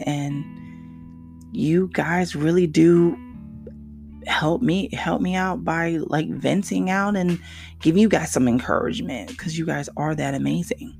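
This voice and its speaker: A man hosting his own podcast in casual solo talk, emotional and animated, slipping into soft whispery asides. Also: fairly high pitch, measured pace, gravelly, soft background music. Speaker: podcast host.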